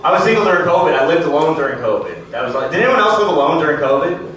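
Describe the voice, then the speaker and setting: A man's voice: a little high, lively intonation, rapid-fire. A young man performing a casual, self-deprecating stand-up set at a comedy club, with the audience laughing behind him. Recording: roomy club sound from a distant mic, crowd laughter.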